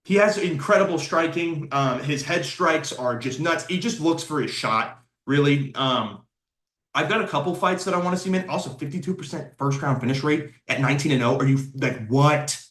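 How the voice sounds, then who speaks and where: A young man hosting casual opinion commentary on fighters, excitable, blunt and full of slang. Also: on the high side, normal speed. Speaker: sports commentator and channel host. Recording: roomy echo.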